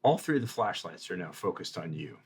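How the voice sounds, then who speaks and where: A man narrating and running a tabletop role-playing game as storyteller, asking the players measured questions. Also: deep voice, big pitch swings, a little hiss or hum.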